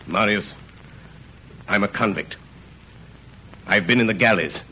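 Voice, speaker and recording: An actor playing a remorseful ex-convict, speaking in a grave, halting, low voice in an old radio drama. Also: male voice, pushed and bright, a little hiss or hum, poor audio. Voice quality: deep, gravelly. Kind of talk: 1930s radio drama acting.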